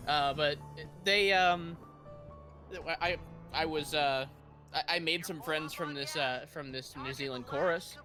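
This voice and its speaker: A man's voice: fairly high pitch, a little slow, pushed and bright, faint music behind. A man, the stream's moderator, telling a long story in a casual, rambling way with many fillers.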